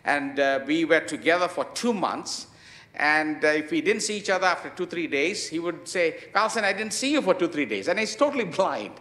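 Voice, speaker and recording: A man's voice: a little high, animated, fairly bright tone, roomy sound. Emphatic man preaching a sermon. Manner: emphatic, with frequent pauses and fillers. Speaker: pastor.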